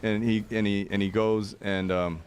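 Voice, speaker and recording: His voice is fairly low with little pitch movement, delivered at normal speed in a clean tone. The man, a podcast guest in his forties, animatedly recounts a lengthy adventure, mimicking others' voices in quotes and using many fillers.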